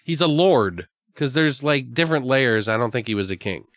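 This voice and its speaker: Animated man swearing through a movie recap. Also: medium pitch, normal speed, no room sound. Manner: profane, animated storytelling with acted-out voices. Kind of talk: casual chat recapping a movie.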